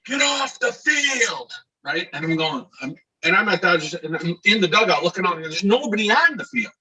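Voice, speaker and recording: Direction raspy, bright-voiced storyteller from Scranton. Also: male voice, high voice, fast. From Scranton, Pennsylvania, USA. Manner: animated storyteller who acts out shouted quotes. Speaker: guest, actor and DJ. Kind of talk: casual interview storytelling. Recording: voice a bit far from the mic.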